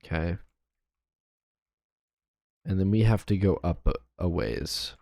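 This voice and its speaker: Low-voiced man muttering through a game stream. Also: slow, creaky, dark tone, no echo, clean studio sound. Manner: mutters and counts to himself while building. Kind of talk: casual gameplay commentary.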